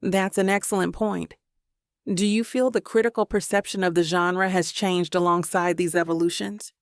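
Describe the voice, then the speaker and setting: A woman voicing a polite, guarded male professor who speaks in a measured, careful way. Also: on the low side, fairly even intonation, no echo, clean studio sound, lightly acted. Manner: measured and careful, slightly nervous.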